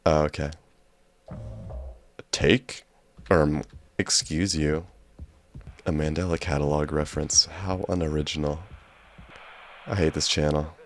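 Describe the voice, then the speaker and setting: A man's voice: a bass voice, fairly even intonation, a little slow, pauses often. A man giving jokey, sarcastic let's play commentary as a gaming YouTuber.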